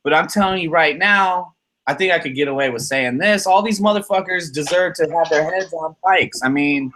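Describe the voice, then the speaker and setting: A man's voice: fairly high pitch, moderate pace, a bit bright. A man in his thirties hosting a casual podcast chat, rambling, profane and heated as he vents about his kids. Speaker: channel host.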